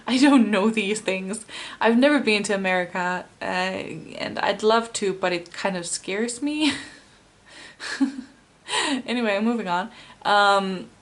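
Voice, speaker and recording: A woman's voice: mid-range voice, fairly bright tone. A woman from Finland with a Finnish accent, chatting casually as a tarot reader, rambling and laughing often. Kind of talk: casual chat.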